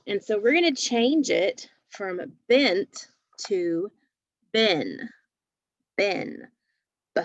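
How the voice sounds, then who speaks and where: A woman's voice: medium pitch, creaky, no echo, muffled recording. A woman teaching a phonics lesson to young children, patiently sounding out letters and words.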